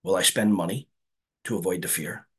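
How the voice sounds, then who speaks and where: Earnest man with a husky voice. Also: deep voice, normal speed. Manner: earnest, conversational, keeps asking "right?". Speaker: speaker sharing at a recovery meeting. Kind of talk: personal share at a meeting.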